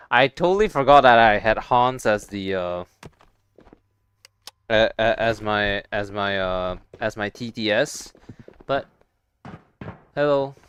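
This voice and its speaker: A man's voice: mid-range voice, fairly bright tone, clean tone. A young man streaming a VR game, chatting casually with viewers in a rambling, stop-start way with some swearing. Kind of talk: casual gaming stream chat.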